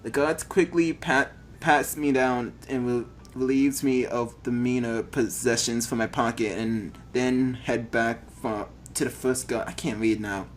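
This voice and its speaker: A man's voice: mid-range voice, steady tone, unhurried, hardly any pauses, slight background noise. A man reading a text adventure game aloud, stumbling over words and adding joking asides.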